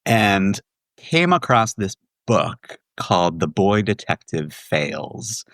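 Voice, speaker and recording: A man's voice: low voice, slow, vocal fry, dry recording. Laughing man telling a story. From Washington, D.C. area. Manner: animated storytelling, laughs often. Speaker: guest, musical theater writer. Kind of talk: casual podcast chat.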